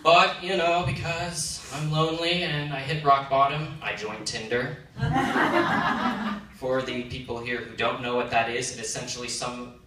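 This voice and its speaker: A male stand-up comedian performing a self-deprecating set with animated punchlines on a comedy club stage. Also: medium pitch, far from the mic. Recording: echoey club recorded from afar, noisy. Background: audience laughter.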